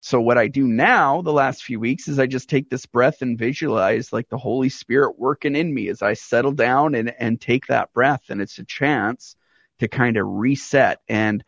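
A man who preaches and co-hosts the show speaks in a relaxed, reflective way. The recording is dry and a little dull. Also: mid-range voice, moderate pace, no echo. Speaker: pastor and co-host. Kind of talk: casual chat.

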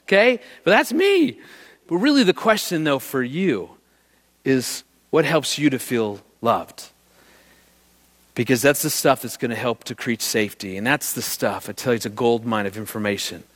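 A man's voice: mid-range voice, moderate pace. A middle-aged man giving a presentation on marriage, telling stories with energy and asking the audience questions. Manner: animated storyteller who quizzes the audience. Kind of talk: live talk to an audience.

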